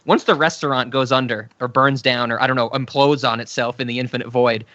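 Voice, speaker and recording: A man's voice: medium pitch, fairly even intonation, a little fast, pushed and bright, no echo, lo-fi sound. A man co-hosting a podcast in casual chat, laughing often and rambling off on tangents. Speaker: podcast co-host.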